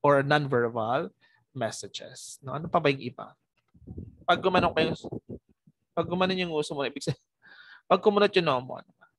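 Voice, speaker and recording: A man's voice: fairly high pitch, fairly quick, pauses often, fairly bright tone, rough recording. A man with a Filipino accent giving a recorded lecture, switching between Tagalog and English and tagging his points with questions. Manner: mixes Tagalog and English, frequent "no?" tag questions, chuckles often. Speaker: teacher.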